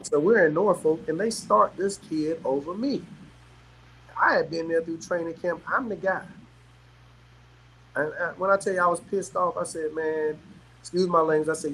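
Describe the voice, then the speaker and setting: A middle-aged man from South Carolina, telling stories as a guest in casual chat, animated and quick to laugh. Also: a little high, a little hiss or hum, low-quality recording. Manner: animated, laughs often, peppers talk with "man". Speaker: guest, former pro athlete. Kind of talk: casual storytelling.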